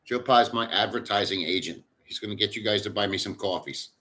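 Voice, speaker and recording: Middle-aged male livestreamer, bright forceful voice, loose profane rambling chat. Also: lowish voice, brisk. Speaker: livestream host. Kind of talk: casual live chat with viewers. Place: in the Philippines.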